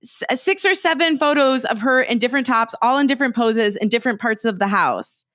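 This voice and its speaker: A woman guesting on a podcast, telling stories in an animated way with laughter. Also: a little high, fairly quick. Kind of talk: casual podcast chat.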